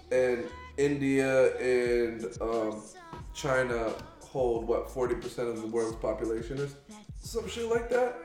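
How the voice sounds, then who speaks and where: A man's voice: mid-range voice, a little mellow, echoey room. A man chatting casually about world politics on a podcast, rambling, restarting sentences and swearing offhandedly.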